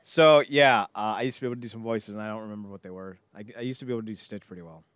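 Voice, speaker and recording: A man's voice: on the low side, very fast, a bit bright, clear, resonant tone, no echo. A man co-hosting a podcast, rambling in casual banter and slipping into silly impressions. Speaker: podcast co-host.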